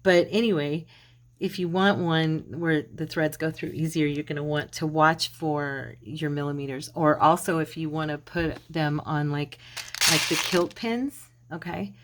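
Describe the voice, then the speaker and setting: A middle-aged woman in Arizona runs a craft channel, where she chats in a relaxed way and talks to herself while crafting. Her voice is low and steady, and she speaks a little slowly.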